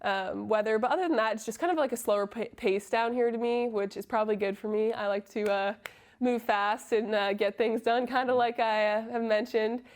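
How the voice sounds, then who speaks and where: A college soccer player in her twenties, originally from Massachusetts, talks through interview questions in a casual, friendly way. Her pitch stays fairly level and flat, and she leans on "um" between thoughts. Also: fairly quick. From Massachusetts, USA. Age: 20s. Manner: friendly, lots of um fillers.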